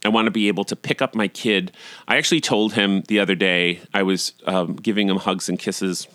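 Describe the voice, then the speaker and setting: A middle-aged man hosting a podcast, telling a personal story in a candid, self-deprecating way and getting animated when he acts out scenes. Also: low voice, a little fast, dry recording. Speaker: podcast host.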